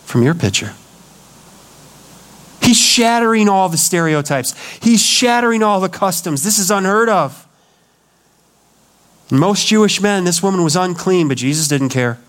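A man's voice: high-pitched, expressive, a little slow, pauses often, fairly bright tone. A male pastor preaching a sermon, acting out the voices of the people he quotes. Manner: dramatic, acts out quoted voices. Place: church.

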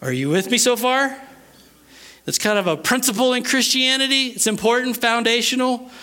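A male preacher with a bright, forceful voice delivers an emphatic sermon. He moves between loud, punchy declarations and quiet asides, and acts out the scripture with voices. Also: very high voice, moderate pace. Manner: dramatizes scripture with acted voices. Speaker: pastor.

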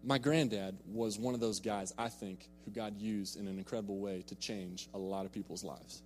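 A man's voice: fairly low pitch, fairly even intonation, normal speed, darkish tone, a little hiss or hum. A young man preaching a sermon, telling a personal story in an earnest way and repeating words when he is emphatic. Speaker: pastor. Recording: long reverb in a large hall.

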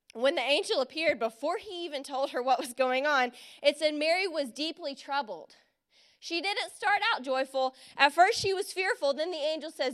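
High-voiced woman preaching a sermon. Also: fairly bright tone. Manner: earnest and encouraging, stretches key phrases slowly. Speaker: speaker giving a Christmas message.

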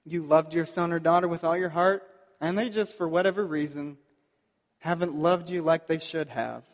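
A man preaching a sermon as pastor, earnest and pleading, slowing down to stress key points. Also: fairly high pitch, in a large hall. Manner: earnest, pleading, slows down for emphasis.

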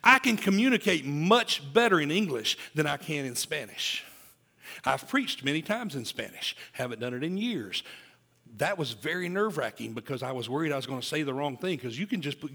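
A man in his forties preaching a sermon in a lively, joking way, swinging from loud emphasis to hushed asides. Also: a little high, a little fast, creaky, slightly rough. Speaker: pastor.

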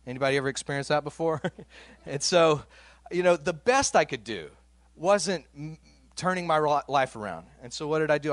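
A man's voice: a little high, expressive, fairly quick, no room sound. A man preaching a sermon in a conversational way, reading scripture aloud and giving its quoted lines some voice. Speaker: pastor.

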